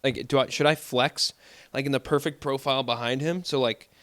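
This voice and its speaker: Speaking fairly quickly with fairly even intonation, the South Dakota host tells rambling stories from his room at home, full of "like" and "dude." His medium-pitched voice is a bit bright, with no echo.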